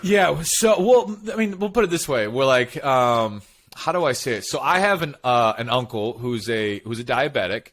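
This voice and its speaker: A man's voice: medium pitch, normal speed. A man co-hosting a podcast, telling personal stories in casual chat and acting out what he and others said. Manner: animated storytelling, quotes himself and others. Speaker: podcast co-host.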